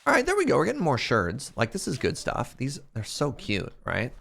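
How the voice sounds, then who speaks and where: A man's voice: medium pitch, wildly swooping pitch, a little fast, vocal fry, fairly bright tone, a little hiss or hum. A man in his thirties streaming a game, telling a story in casual chat and laughing often. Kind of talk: casual storytelling while gaming.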